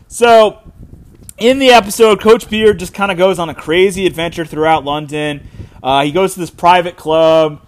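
A man hosting a solo podcast, talking casually and rambling with fillers and restarts. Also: high-pitched. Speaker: podcast host. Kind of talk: solo podcast episode recap.

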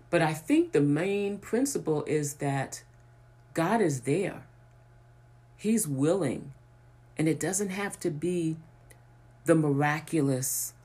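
Slow, emphatic preacher. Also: mid-range voice, darkish tone. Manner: emphatic, repetitive preaching with rising intensity; hesitant restarts between points. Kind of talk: sermon.

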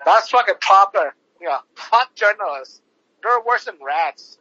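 A man's voice: sits high, lively intonation, a little slow, pushed and bright, dry recording. A man hosting a podcast, ranting casually with heavy swearing, lots of fillers and restarts. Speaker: podcast host. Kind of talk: casual profane podcast rant. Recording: dull lo-fi recording.

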